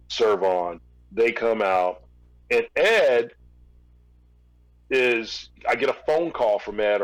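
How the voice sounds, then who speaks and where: A man's voice: fairly low pitch, rough recording. Man telling a rambling story. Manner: rambling anecdotal telling with fillers and restarts. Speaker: guest, former record label executive. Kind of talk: casual storytelling interview.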